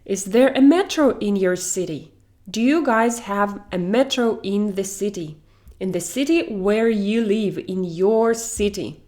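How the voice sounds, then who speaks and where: Slow, careful woman teaching a language. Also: mid-range voice, lively intonation. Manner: slow, careful explaining with example sentences. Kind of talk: online language lesson.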